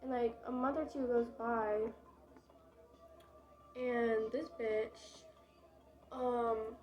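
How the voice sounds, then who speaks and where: A woman's voice: fairly high pitch, steady tone, drawn-out words, darkish tone, faint music behind, low-quality recording. A young woman vlogger telling a casual storytime, chatty and dramatic, with lots of fillers and swearing.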